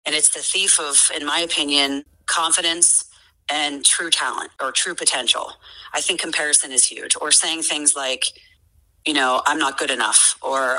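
A woman's voice: low-pitched, pushed and bright, poor audio. A woman in her forties talking earnestly as a podcast guest, with many fillers and restarts. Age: 40s. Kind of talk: casual conversation.

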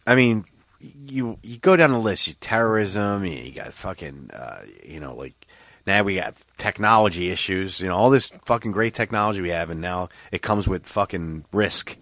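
Low guy ranting on a podcast, cursing a lot, voice all over the place, dry close sound. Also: moderate pace, no room sound. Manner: profane, animated ranting. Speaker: podcast co-host. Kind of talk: casual chat. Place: podcast studio.

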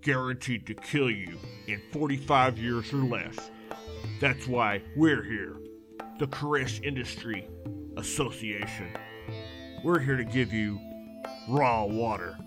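A man playing a hammy infomercial pitchman with a put-on Texan drawl. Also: takes it slowly, over music, close to an everyday voice. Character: gravelly southern male cult-like water salesman.

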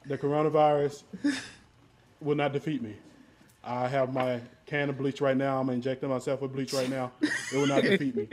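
A man's voice: mid-range voice, little pitch movement, moderate pace, a little hiss or hum, lightly acted. A man doing a comedic impression of a blustering, boastful older male president, repeating himself insistently. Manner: repetitive, insistent, bragging. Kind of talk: comedic impression in casual chat.

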